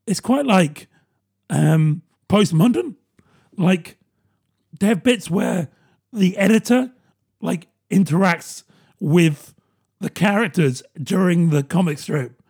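A man's voice: sits high, darkish tone, husky. A British man in his thirties, rambling and self-mocking in a casual comedic monologue, laughing often. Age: 30s.

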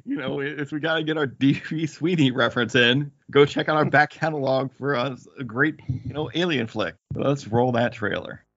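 A man's voice: medium pitch, normal speed, hardly any pauses, fairly bright tone, no echo, muffled recording. Rambling, joking male podcast host. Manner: rambling, laughs often, jokes and tangents. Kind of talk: casual podcast chat.

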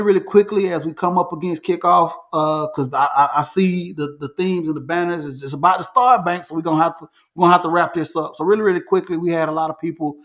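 A man hosting a casual sports talk show, animated, repeating himself and restarting phrases as he makes predictions. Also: on the high side. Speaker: podcast host.

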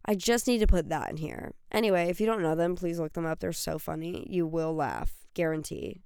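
A woman's voice: on the low side, fairly quick, vocal fry, dark tone, clean tone, no room sound, studio quality. A young woman hosting a solo podcast, rambling and gushing with many fillers and self-corrections. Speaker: podcast host. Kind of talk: solo chatty podcast rant.

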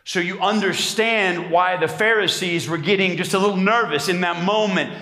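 A male pastor with a high voice preaches at a moderate pace with few pauses inside a church sanctuary. Emphatic throughout, he calls on the congregation for amens as his voice swells into shouts.

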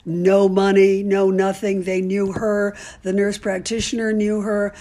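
An older woman, a great-grandmother, is interviewed and tells stories casually in a candid, outspoken manner, full of ums and restarts. Her voice is medium-pitched and dark-toned, with a level tone and measured pace.

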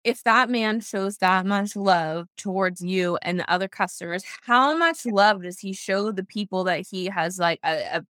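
A woman's voice: medium pitch, moderate pace, hardly any pauses, fairly bright tone, clean tone, dry recording, studio quality. Gushing woman in casual chat. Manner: effusive, gushing.

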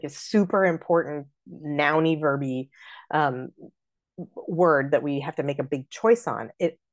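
A woman's voice: deep voice, a little mellow. A woman hosting a podcast, teaching how to scan and stress lines of verse and walking through examples step by step. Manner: explains stress patterns, talks through examples. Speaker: podcast host and theater director.

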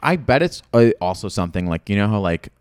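A man hosting a casual chat podcast, animated and laughing often as he reads out theories and gives verdicts. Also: fairly low pitch, fast, clean tone, no echo, clean studio sound. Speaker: podcast host presenting conspiracy theories. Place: lives in a big American city.

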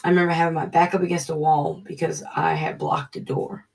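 A Bible study leader reading scripture and telling a personal testimony, earnest and halting, dropping to a hushed voice. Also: medium pitch, big pitch swings, recorded from a distance.

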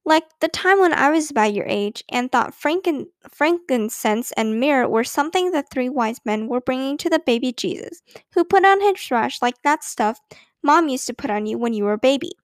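A woman's voice: high-pitched, expressive, moderate pace, no echo, studio quality. Woman reading an older sister, serious, nosy, matter-of-fact, storybook.

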